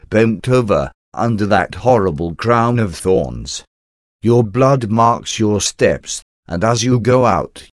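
A man's voice: lowish voice, no echo, clean studio sound. A man reading a devotional meditation in a solemn, prayerful way. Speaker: devotional reader.

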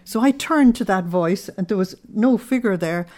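A woman religious teacher giving a spoken sermon in an earnest, unhurried way, weaving in personal stories. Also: mid-range voice, lively intonation, a little mellow.

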